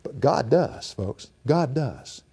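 A man preaching a sermon in a folksy, animated and emphatic way. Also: mid-range voice, slow, creaky, slightly rough.

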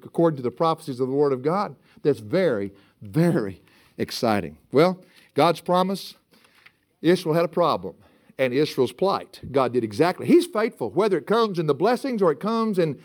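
A man preaching a sermon, animated, building to emphatic peaks, laughing often as he reads scripture. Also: on the high side.

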